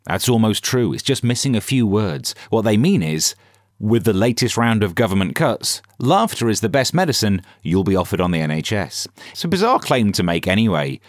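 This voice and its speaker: A man hosting a scripted satirical news comedy podcast with a sarcastic, deadpan delivery. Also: on the low side, normal speed, dry recording, studio quality.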